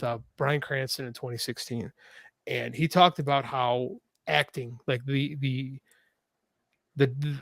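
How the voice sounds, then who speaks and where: A middle-aged man talks in a casual podcast chat, rambling and frank, with plenty of swearing and restarts. His voice sits at an ordinary pitch for a man. The sound is dry and close, with no room echo. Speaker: author and podcast co-host.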